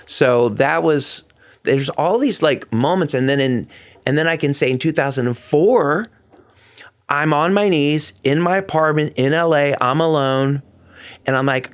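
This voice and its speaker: Middle-aged male stage performer, interview guest; heartfelt, animated storyteller who acts out quotes. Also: a little high, measured pace. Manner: excitable, acts out quotes with big vocal swings; earnest and heartfelt.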